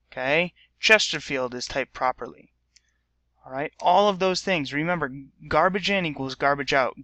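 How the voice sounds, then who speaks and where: A male high school teacher recording a computer lesson for his class while a substitute covers, upbeat and often checking in with "okay?". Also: pushed and bright, no room sound.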